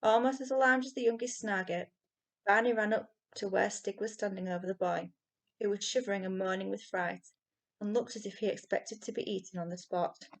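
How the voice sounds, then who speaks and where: A woman reading a children's novel aloud with expressive storytelling. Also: mid-range voice, brisk. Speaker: reader.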